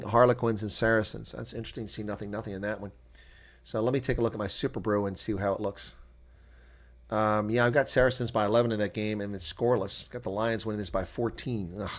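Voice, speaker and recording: Streaming live reactions to a rugby game, this lowish-voiced man mumbles as he looks over the scores. When the action picks up he grows loud and heated, and he argues with referee decisions that hurt his team.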